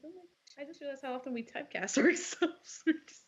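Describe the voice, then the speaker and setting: Woman chatting, kinda high voice, laughy and excited. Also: a little fast, muffled recording. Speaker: cast member. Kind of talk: casual group chat.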